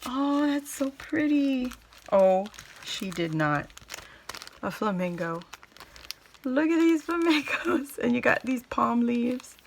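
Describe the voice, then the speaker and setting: A woman unboxing a craft gift for her viewers in casual chat, gushing and exclaiming with delight, then slowing down to take it all in. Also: fairly high pitch, lively intonation, gravelly, slight background noise. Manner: slow and drawn out between exclamations.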